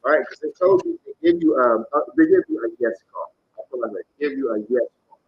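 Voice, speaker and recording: A man's voice: mid-range voice, huge pitch swings, a little fast, lo-fi sound, slight background noise. A man giving live tarot readings to viewers, talking bluntly, animatedly and with casual swearing. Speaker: tarot reader.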